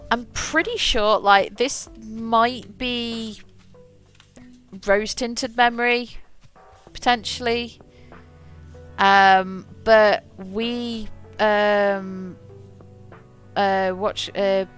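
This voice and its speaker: A young woman streaming a game, telling a long school memory in a rambling, animated way with frequent laughs and self-corrections. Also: medium pitch, smooth. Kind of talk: casual storytelling while gaming.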